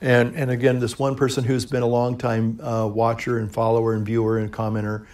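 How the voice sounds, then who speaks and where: A middle-aged man, a priest, chatting casually to camera in a relaxed, rambling way, chuckling often and pausing to puff on his pipe. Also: medium pitch. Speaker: priest and pipe-smoking video host.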